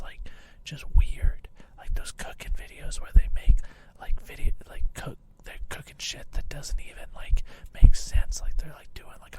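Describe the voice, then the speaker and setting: A man's voice: on the high side, lightly acted. A man in his thirties whispering in a whispered role-play, mocking ASMR videos with crude, incredulous asides into a hot laptop mic. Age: 30s. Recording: hot, crisp laptop mic picking up breath.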